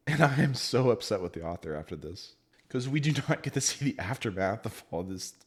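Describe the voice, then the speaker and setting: Laughing, animated man with a low voice. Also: normal speed, slightly rough. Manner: animated, laughs often, swears casually. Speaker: book reviewer. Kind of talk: casual book review chat.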